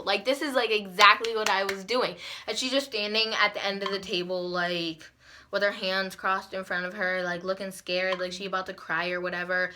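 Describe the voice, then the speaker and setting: A teenage girl telling a story in a casual vlog. She swears often and acts out quotes loudly and excitedly. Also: normal speed. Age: teens. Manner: animated and profane, acting out quotes with big jumps in pitch and loudness. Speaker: vlogger.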